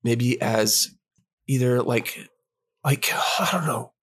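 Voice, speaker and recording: A man co-hosting a podcast in a casual chat, excitable and rambling, often restarting his sentences. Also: medium pitch, takes it slowly, breathy edge. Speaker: podcast co-host.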